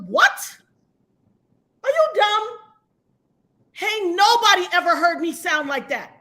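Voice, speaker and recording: A woman's voice: very high voice, animated, slow, long pauses, sharp tone. A woman ranting defiantly on a livestream, emphatic and preachy, calling out her critics. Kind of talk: heated livestream rant.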